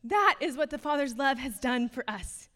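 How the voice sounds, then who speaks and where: A woman's voice: high voice, lively intonation, moderate pace, fairly bright tone. A young adult woman giving an earnest, casual sermon, full of fillers and passing laughs. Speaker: speaker.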